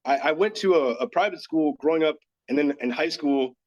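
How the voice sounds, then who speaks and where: On dull, lo-fi audio, a yoga teacher from Dallas, Texas talks as a podcast guest, his voice slightly high, brisk and somewhat dark in tone. In a casual chat he tells a personal story with earnest candor, leaning heavily on the filler "like".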